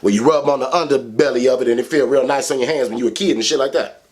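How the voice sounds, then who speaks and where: A man telling a childhood story to camera in a casual, animated way, swearing heavily. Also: quick pace. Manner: animated, profane, heavy swearing; big swings in pitch for emphasis. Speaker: vlogger.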